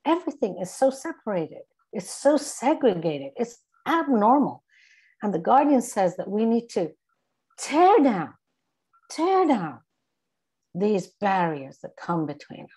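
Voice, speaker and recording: A woman's voice: medium pitch, darkish tone. A middle-aged woman from Iran with an English accent, speaking as a guest in an earnest, emphatic way and repeating her key phrases. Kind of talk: earnest spoken reflection.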